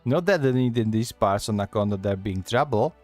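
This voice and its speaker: A man voicing a gruff, worldly male tavern keeper, reading the lines haltingly and stumbling over the dialect. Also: fairly low pitch, lively intonation, darkish tone, soft background music, lightly acted.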